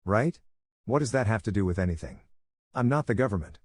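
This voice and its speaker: A man voicing a flippant, wisecracking masked male mercenary in a storybook reading, with a low, husky voice. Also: lively intonation, brisk, no room sound, studio quality. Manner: flippant, joking.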